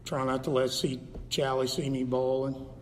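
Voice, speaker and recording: A man's voice: mid-range voice, completely flat delivery, moderate pace, a little hiss or hum. A man preaching a sermon in a church sanctuary, fervent and emphatic, driving points home by repetition. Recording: long reverb of a large hall.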